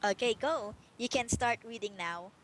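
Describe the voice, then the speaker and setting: A woman's voice: a little high, normal speed, noisy background. A woman tutoring English one-on-one over a video call, patiently explaining phrases with many fillers.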